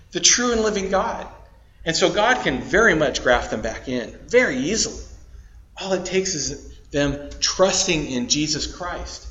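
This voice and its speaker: A man's voice: on the high side, fairly bright tone, slight background noise. A male pastor preaching a sermon, stressing words by rising and dropping his voice. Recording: dull lo-fi recording.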